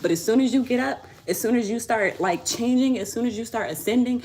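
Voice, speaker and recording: A woman's voice: on the high side, brisk, darkish tone. A woman tarot reader talking on a live stream, blunt, profane and preachy. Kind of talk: live tarot reading chat.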